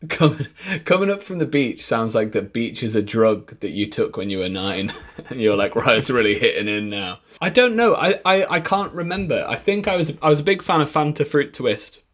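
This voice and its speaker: A man's voice: a little high, very animated. A young man co-hosting a podcast in casual chat, joking and laughing often. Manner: jokey, laughs often, quick asides. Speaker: podcast co-host.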